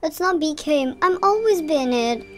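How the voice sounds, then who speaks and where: A woman doing a very high, sly vampire girl puppet. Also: lively intonation, normal speed. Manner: coy, evasive, taunting.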